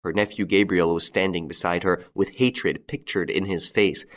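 A man narrating a classic crime story aloud in an expressive, dramatic way. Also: low voice, moderate pace. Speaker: audiobook reader.

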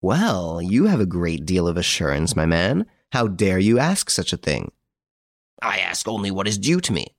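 A man voicing a suave gentleman thief in an audiobook, cool, ironic and commanding. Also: deep voice, big pitch swings, normal speed, no echo, clean studio sound, full character voice. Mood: mocking.

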